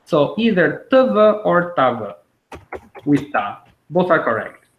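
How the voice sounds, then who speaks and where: A man gives a language lesson, patiently repeating each word. His voice sits a bit high. The audio is echoey and muffled, like an online class. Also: big pitch swings, a little hiss or hum. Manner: patient, explains and repeats words slowly. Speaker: language teacher.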